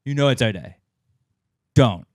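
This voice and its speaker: A man's voice: medium pitch, expressive, unhurried, no echo, clean studio sound. A man in his thirties co-hosting a podcast, talking in a casual, profane, sarcastic ranting way. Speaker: podcast co-host. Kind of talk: casual chat.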